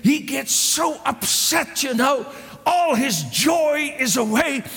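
A man preaching a sermon with passion, breaking into shouts and acting out the people in his story. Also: very high voice, animated, slow pace. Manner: impassioned, exclaims and voices the characters. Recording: long hall reverb.

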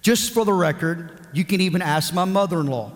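In a church sanctuary with long hall reverb, a male pastor preaches a sermon in a high-pitched, brisk voice. He begins with a personal story, acting out quotes, then shifts into emphatic preaching.

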